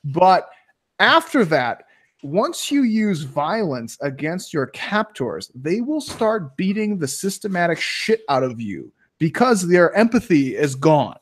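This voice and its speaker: A man from Chicago co-hosting a casual webinar chat, telling stories in a rambling, profane, animated way. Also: on the high side, slow. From Chicago, USA. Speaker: co-host.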